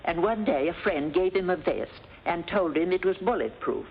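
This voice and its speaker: A woman's voice: lowish voice, expressive, normal speed, a little hiss or hum. An actress playing a dotty, rambling older woman in a 1950s sitcom, dreamy and meandering. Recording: dull lo-fi 1950s TV audio.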